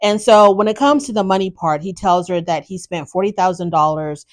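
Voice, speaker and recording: A woman hosting a podcast, casually recapping a reality show with blunt, animated opinions and exasperated asides. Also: lowish voice, a little fast. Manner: animated, exasperated, talks straight to the subject.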